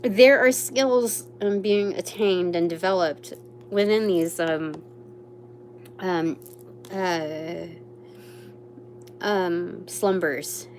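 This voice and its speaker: A woman's voice: lowish voice, extremely slow, pauses often, darkish tone, a little hiss or hum. A young woman doing a live tarot reading, rambling with many fillers and exclaiming over the cards. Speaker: tarot reader.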